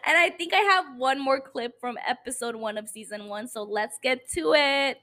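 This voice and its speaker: Tipsy podcast host, a woman with English as her second language, high voice, profane animated rants. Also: slow pace, long pauses. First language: not English. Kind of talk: casual chat.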